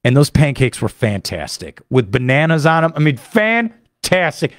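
A man hosting a sports radio show, telling a rambling, excitable story full of fillers into a studio microphone. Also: on the high side, normal speed, dry recording. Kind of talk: animated monologue recapping a trip.

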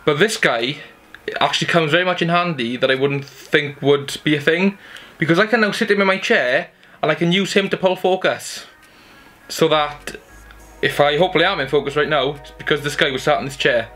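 A young man's bright, forceful voice, a little high and a little fast, carries his casual haul video showing off Christmas gifts at home. He's chatty and enthusiastic, and music plays beneath him.

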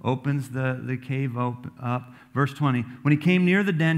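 A man pastor delivering a sermon in a church. His voice is mid-pitched, and he moves between reading scripture aloud and chatting with casual, plainspoken asides. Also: fairly even intonation, normal speed, few pauses. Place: church sanctuary.

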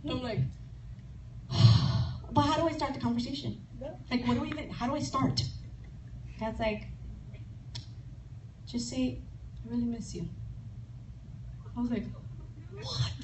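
A woman with a high voice shares a testimony in front of a retreat audience, acting out dialogue and moving between laughter and tears. She is heard from a distance in an echoey hall, with clear background noise. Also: a little slow, long pauses. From Chicago. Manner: animated storytelling, laughing and tearful, acting out dialogue. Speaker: speaker at a women's retreat. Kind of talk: testimony sermon. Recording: echoey room from far off with noise.

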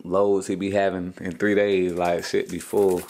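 A man's voice: deep voice, little pitch movement, unhurried, gravelly, a little mellow. A man, a father hosting a casual family vlog at home, ribbing his kids with profane jokes and frequent laughs. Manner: teasing, profane, joking banter.

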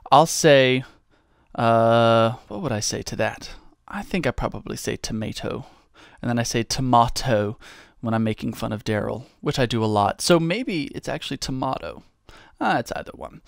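A man's voice: medium pitch, smooth, dry recording, studio quality. A man answering viewer questions in a casual, rambling, self-mocking way. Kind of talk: casual Q&A monologue.

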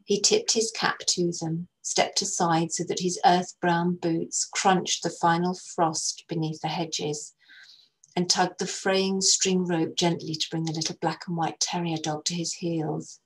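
Reading a literary short story aloud, a woman narrator keeps a gentle, measured delivery in a low voice with soft huskiness. She flows calmly from narration into the characters' lines, and the audio is poor.

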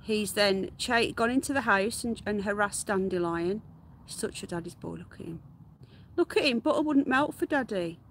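A woman's voice: mid-range voice, moderate pace, a bit bright, a little hiss or hum. A woman hosting a live stream from her garden, chatting casually, greeting viewers by name and calling out to her pets. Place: garden outdoors.

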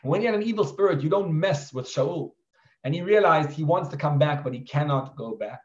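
A rabbi tells a scripture story to his class in a lively, animated way, slipping Hebrew phrases in among his English. His voice sits a little high for a man. The recording is roomy and a touch dull. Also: a little fast. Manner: animated retelling with Hebrew terms.

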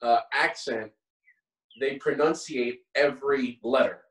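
Easygoing host in a roomy space. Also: male voice, medium pitch, unhurried. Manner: easygoing, chuckling, hesitant restarts. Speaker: podcast co-host. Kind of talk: casual chat. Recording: roomy audio from far off the mic.

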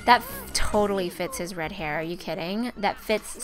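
A woman's voice: medium pitch, lively intonation, normal speed. A young woman giving casual, chatty gameplay commentary as a let's play host, talking to her game characters.

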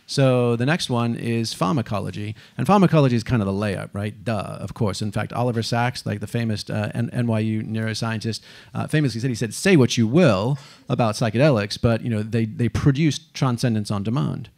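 A man giving a lively stage talk, animated and casual, cursing now and then and acting out the people he quotes. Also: mid-range voice, fairly quick, gravelly. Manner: animated, swearing, acts out quotes. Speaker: speaker.

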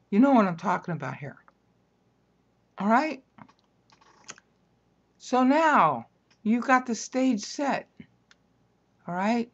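A woman teaching a Bible lecture in a conversational way, often stopping to ask "okay?". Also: medium pitch. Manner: conversational, keeps checking in with "okay?". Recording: dull lo-fi recording.

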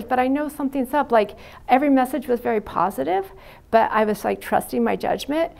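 A middle-aged woman who works as a psychiatric nurse lectures at a university in a candid, conversational style, full of stories and "you know." Her voice sits high and is brisk and a little mellow, with vocal fry.

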